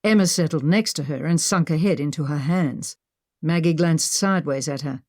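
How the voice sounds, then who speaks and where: A woman reading an adventure audiobook as narrator, with expressive storytelling. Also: low voice, moderate pace, no room sound, studio quality.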